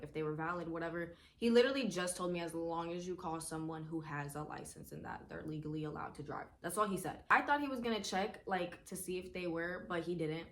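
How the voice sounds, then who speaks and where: A young adult woman vlogger, telling a storytime casually, animated and swearing freely. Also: on the low side, a little hiss or hum.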